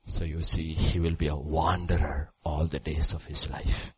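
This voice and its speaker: A man preacher delivering a sermon, swinging between loud urging and quiet drops. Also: a bass voice, flat delivery, moderate pace, hardly any pauses, slightly rough, rough recording.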